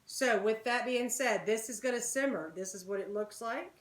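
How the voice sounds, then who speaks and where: A woman's voice: on the high side, normal speed. Chatty woman cooking in an echoey kitchen. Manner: chatty, talks straight to viewers as "guys" and "y'all". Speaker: home cooking channel host. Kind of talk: casual cooking demonstration. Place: home kitchen.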